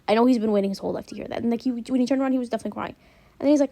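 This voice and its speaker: Fast-talking young woman gushing about a show. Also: on the high side, creaky. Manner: gushing, animated recap with acted-out quotes. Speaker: vlogger. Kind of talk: casual chat.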